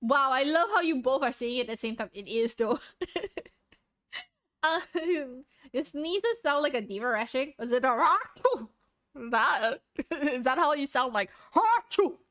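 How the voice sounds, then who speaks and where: Chatting casually with her livestream viewers over a noise-suppressed desk mic, this woman speaks in a high, unhurried, fairly bright voice. She's giggly, rambling and self-deprecating, and a little sniffly from sneezing.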